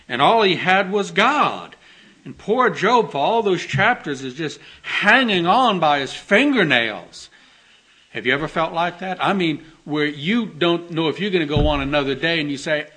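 A man preaching a gentle, earnest sermon, telling stories with soft dips and tender emphasis. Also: a little high, lively intonation, normal speed, slightly rough. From Texas.

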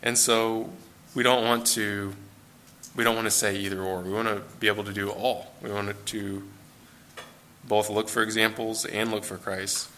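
A man with an American accent preaching a sermon in a church, conversational and relaxed, with fillers and self-corrections. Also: lowish voice, moderate pace, a little hiss or hum.

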